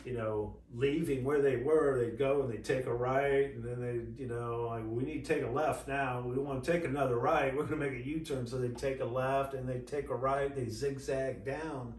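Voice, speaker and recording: A man's voice: mid-range voice, fairly even intonation, moderate pace, few pauses, darkish tone. A middle-aged man, telling a long personal story in a casual, rambling way, quoting conversations and leaning on fillers. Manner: rambling retelling full of quoted dialogue and fillers. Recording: roomy and distant with faint ambience.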